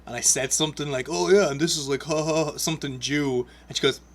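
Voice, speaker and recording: A man's voice: fairly high pitch, quick pace, background noise. A man hosting a podcast, telling stories in casual chat, swearing often and breaking into laughs. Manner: swearing, animated storyteller with laughs. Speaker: podcast host.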